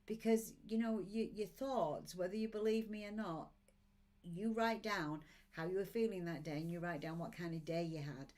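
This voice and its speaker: A woman's voice: on the low side, steady tone, normal speed, darkish tone. A woman in her sixties, an oracle card reader on a live stream, encouraging her viewers in an upbeat way and reading out their comments. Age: 60s.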